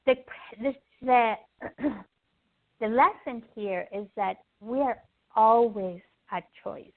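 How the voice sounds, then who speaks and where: A woman's voice: fairly high pitch, slow pace. Woman teaching life lessons over tinny line. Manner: animated, acts out little scenes in quoted voices; repeats "okay?" to check in with the listener. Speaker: podcast guest. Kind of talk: casual spiritual teaching.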